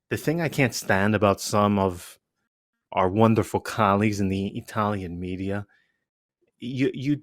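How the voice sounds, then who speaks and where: A man hosting a casual podcast chat, animated and rambling, full of asides and restarts. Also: fairly low pitch, no room sound, clean studio sound. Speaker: podcast host.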